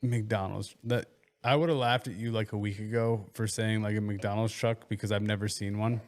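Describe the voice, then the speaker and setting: A man with a low voice chatting in a laid-back way on a podcast. He swears casually and tells small everyday stories. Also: steady tone, moderate pace. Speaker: podcast guest. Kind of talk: casual crude banter.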